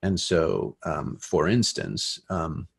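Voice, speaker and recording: A man giving an informal, conversational talk about finance to an online audience, loose and animated, with swearing and fillers. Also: low-pitched, takes it slowly, vocal fry, husky. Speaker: speaker on economics and sensemaking.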